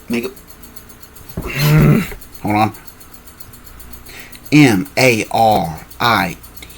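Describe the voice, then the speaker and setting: A man's voice: mid-range voice, slight background noise. A man improvising a fan-fiction story, rambling, correcting himself and apologizing as he goes, sleepy and yawning.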